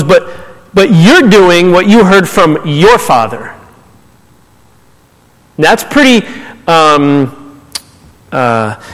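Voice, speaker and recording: Male pastor, high register, animated conversational preaching, reverberant sanctuary. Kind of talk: sermon. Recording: long hall reverb.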